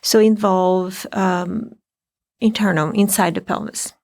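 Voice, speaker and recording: Gravelly-voiced woman telling a story. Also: mid-range voice, slow pace. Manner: animated storytelling, acting out quoted dialogue. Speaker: guest, physical therapist. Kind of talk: casual podcast conversation.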